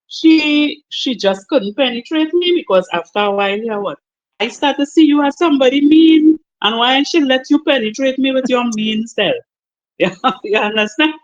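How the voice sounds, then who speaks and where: A woman sharing her story earnestly in a group discussion, often asking "you understand?". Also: on the high side. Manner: earnest, repetitive, laughs often. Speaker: participant. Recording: muffled lo-fi call audio.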